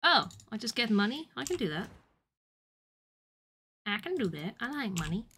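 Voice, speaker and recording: A woman streamer giving casual gaming commentary, giggly and excitable, often breaking into shrieks. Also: a little high, moderate pace. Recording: noisy stream audio.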